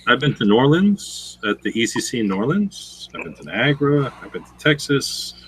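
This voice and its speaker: A man in casual chat as a guest, telling stories in a profane, animated way. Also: medium pitch, fairly quick, breathy edge, rough recording. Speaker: guest streamer.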